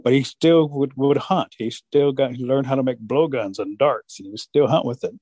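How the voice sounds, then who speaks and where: A man's voice: medium pitch, normal speed, dark tone, breathy edge, dry recording. A man, telling folksy stories in casual conversation. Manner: folksy, with playful animal voices. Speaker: storyteller. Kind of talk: casual storytelling.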